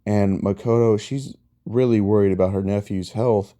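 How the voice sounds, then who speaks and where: A man's voice: on the low side, steady tone, normal speed, dark tone. A man casually retelling a fan story in a rambling way, full of fillers.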